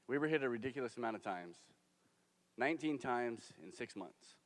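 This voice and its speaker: A man's voice: mid-range voice, animated, moderate pace. Young veteran telling his story on stage. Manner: earnest, conversational storytelling. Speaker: military veteran. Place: theater stage. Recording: long hall reverb from a stage.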